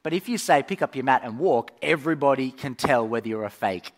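A man preaching a sermon, telling the story in an animated way with frequent fillers and restarts. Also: medium pitch, a little fast.

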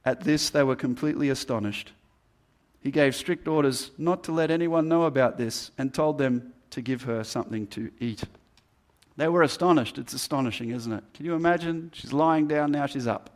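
A man's voice: medium pitch, moderate pace. A man preaching a sermon, earnest and building emphasis through repeated phrases. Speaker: pastor.

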